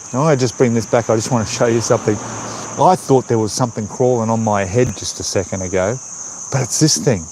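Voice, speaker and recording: A man's voice: medium pitch, background noise. An Australian man hosting a casual livestream outdoors, reading out viewer comments in a chatty way and talking into a phone camera. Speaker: livestream host. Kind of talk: casual live-stream chat. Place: outdoors by a roadside in the countryside. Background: birds and insects outdoors.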